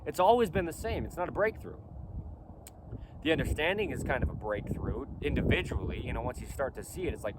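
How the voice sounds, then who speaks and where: A man speaks outdoors in a casual vlog, his pitch rising and falling in lively swings. He is emphatic and insistent and keeps repeating his points. Faint wind and traffic sit behind him. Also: fairly quick. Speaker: clothing company founder. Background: faint wind and traffic noise.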